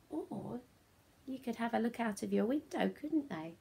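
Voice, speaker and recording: A woman's voice: a little high, lively intonation, normal speed, creaky, mellow, husky. A woman teaching a phonics lesson to young children, speaking in a sing-song, encouraging way that often drops to a whisper.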